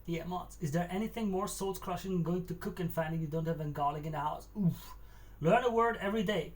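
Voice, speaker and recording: A man's voice: high-pitched, fairly quick. A man running a cooking livestream, chatting casually, answering his chat and musing aloud as he works in a kitchen. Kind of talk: casual live-stream chat while cooking. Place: home kitchen.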